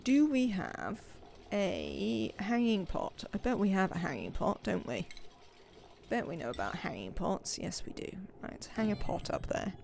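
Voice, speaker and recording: Gravelly, lively woman streaming a game. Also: medium pitch, a little slow, slight background noise. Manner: chatty, rambling self-talk while playing. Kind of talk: live game commentary.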